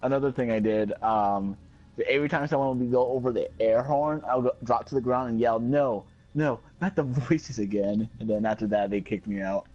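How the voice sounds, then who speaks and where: A man's voice: mid-range voice, brisk, darkish tone, dull audio. A man streaming a game, chatting casually and telling goofy, joking stories. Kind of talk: casual gaming stream chat.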